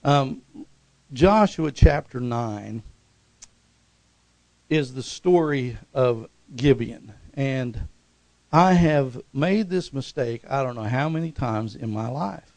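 A man's voice: mid-range voice, animated, slow pace, a little mellow, no room sound, low-quality recording. A man preaching a sermon as pastor, conversational with many restarts, often asking the congregation for an "Amen?" and building to emphatic repeated exhortations. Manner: preaching with frequent call-and-response "Amen?".

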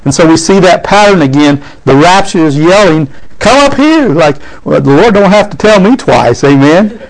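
A man's voice: fairly high pitch, moderate pace, rough recording. A man preaching a sermon, reading scripture aloud and calling out "amen?" to his congregation.

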